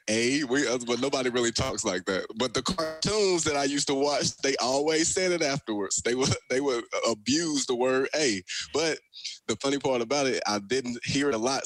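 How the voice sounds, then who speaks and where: A young man, a football player telling stories in a casual radio interview, energetic and quick to laugh. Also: medium pitch, no echo, low-quality recording. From Alabama, US South. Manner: energetic storyteller, laughs often.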